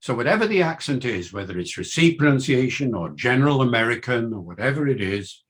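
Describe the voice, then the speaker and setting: An older man from Wales, a linguist giving an academic lecture in measured, emphatic phrases with rhetorical questions. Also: mid-range voice, big pitch swings, fairly bright tone.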